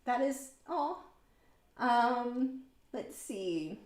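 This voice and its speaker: A woman's voice: a little high, expressive, drawn-out words. A woman in her forties hosting a painting livestream, chatting casually and reading viewer comments aloud with lots of ums. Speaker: art livestream host. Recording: echoey room.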